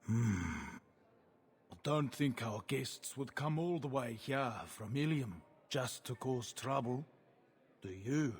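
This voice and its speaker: A man's voice: mid-range voice, slow pace, husky. An actor with a South African accent playing a cool, condescending male arms smuggler who hosts a party. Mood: suave. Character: smooth, menacing male arms smuggler villain host.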